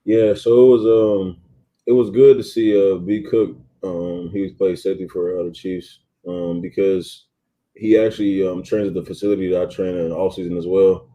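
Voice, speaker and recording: Young man, college athlete, deep voice, muffled lo-fi sound, laid-back interview talk. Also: little pitch movement, normal speed, warm tone. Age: 20s. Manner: laid-back, many ums and you-knows. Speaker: college football player. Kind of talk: casual interview answers. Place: athletes' training facility.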